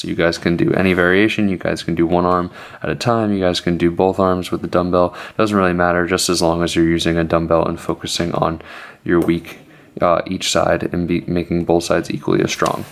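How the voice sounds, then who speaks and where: A young male fitness vlogger talks straight to his viewers with a deep, low voice. He sounds keen and excited about his subject. He is slightly out of breath as he explains. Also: moderate pace, vocal fry. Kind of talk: casual instructional vlog.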